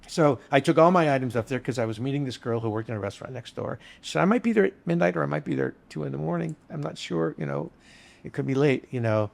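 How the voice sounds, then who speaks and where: A man's voice: medium pitch, animated, fast, creaky. An older man, a bartender being interviewed, telling long, casual, earthy stories in a rambling anecdotal way. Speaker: bartender guest. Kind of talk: storytelling interview chat.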